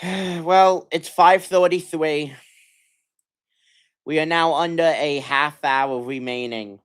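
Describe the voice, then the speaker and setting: A hoarse young man ranting as a sports livestream host, stammering and sighing, swinging between muttered complaints and loud outbursts. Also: fairly high pitch, steady tone, slow pace. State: hoarse from yelling. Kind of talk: frustrated fan rant on a livestream.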